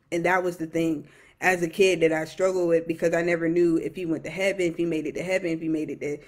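A young adult minister giving an emotional personal testimony, earnest and repetitive, with many fillers and restarts. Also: medium pitch.

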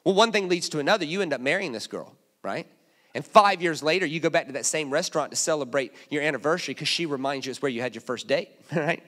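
A man preaching a sermon in a church, telling humorous stories and dropping suddenly to hushed asides. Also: on the high side, lively intonation, quick pace. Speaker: guest preacher. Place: church auditorium.

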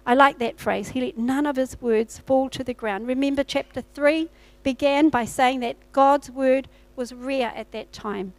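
A woman's voice: high-pitched, fairly even intonation, unhurried, no room sound, low-quality recording. A woman pastor, preaching a sermon and telling a personal testimony with acted-out dialogue. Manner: storytelling, acts out her own past dialogue. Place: church.

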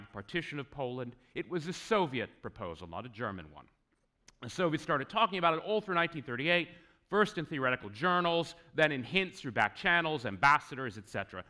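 A man giving a conference lecture on history, conversational and wry, with asides to the audience and swinging emphasis. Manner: lively, swinging pitch for emphasis. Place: conference hall.

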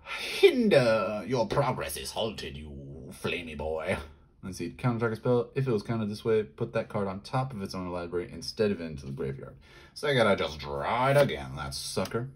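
Brief: an excitable man opening packs, husky, with big pitch swings, rattling off card text quickly. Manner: excitable, yelping in high bursts. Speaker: card pack opener. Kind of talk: casual pack-opening commentary.

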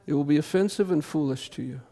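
Pastor, gravelly voice sitting a bit high, impassioned conversational sermon. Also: male voice. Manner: impassioned, conversational preaching with quick swings to loud emphasis. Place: church sanctuary.

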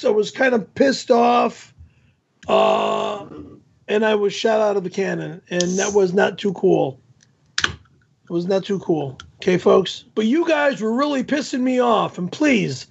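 A man hosting a live stream, talking to his chat in a blunt, irritated way and explaining things slowly. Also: high-pitched, creaky, husky, muffled recording. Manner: angry, yelling and cursing at chat; slow, over-explaining.

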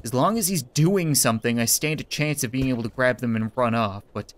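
A young man with a medium-pitched voice, speaking a little fast, provides goofy, giggly let's-play commentary as a gameplay commentator. He often addresses the game characters in mock-polite asides.

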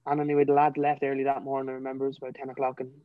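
An earnest young man with a Dublin Irish accent, recounting his own story as a podcast guest. His voice stays fairly level in pitch as he speaks with feeling, leaning on "you know" between thoughts. The sound is dry and a little dull and lo-fi. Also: monotone, racing, clear, resonant tone, no echo. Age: young adult. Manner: earnest, emotional, fills talk with "you know". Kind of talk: personal storytelling.

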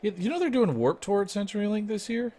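A man's voice: high voice, lively intonation, quick pace, warm tone. A man chatting casually during a game, asking curious questions and teasing his friend. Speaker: co-player. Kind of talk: casual chat while streaming a game.

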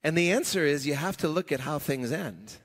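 A man with a high voice preaches in a church sanctuary, and his words ring with a long hall reverb. He talks conversationally and with emphasis, breaking into chuckles and starting lines over. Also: expressive, a little fast. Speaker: pastor. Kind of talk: sermon.

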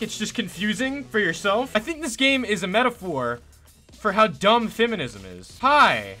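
A man's voice: high-pitched, very animated, normal speed, pushed and bright, soft background music. A young man commentating a game he plays, exasperated, sarcastic and swearing often. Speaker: gaming YouTuber.

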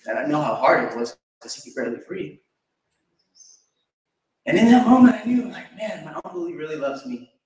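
A man's voice: on the high side, sing-song, a little fast, pauses often. A young man giving a personal memorial tribute, telling stories and chuckling fondly. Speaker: eulogy speaker. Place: church sanctuary. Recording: echoey church from far off.

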